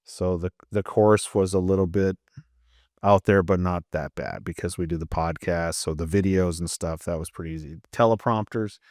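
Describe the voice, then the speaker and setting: A Canadian man with a deep, low voice, co-hosting a podcast and chatting casually. He rambles, with lots of "um" and "uh" and restarts. Dry, close sound with no room echo. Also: fairly even intonation, normal speed, a little mellow. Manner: rambling, many fillers and restarts. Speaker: podcast co-host and mindset coach.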